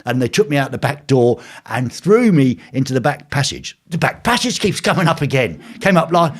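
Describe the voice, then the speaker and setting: An older man tells a story from his home, hosting his own live stream. His pitch moves widely as he acts out the voices of the people in it. He sits at a middle pitch and talks in a lively, animated way. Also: normal speed, hardly any pauses, husky. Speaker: host.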